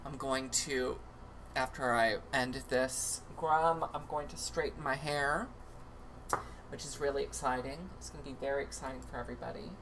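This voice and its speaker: A man's voice: mid-range voice, steady tone, normal speed, a bit bright, slight background noise. A man hosting a livestream, chatting in a campy, comedic way with lots of asides. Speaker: livestream host. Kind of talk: casual comedic commentary.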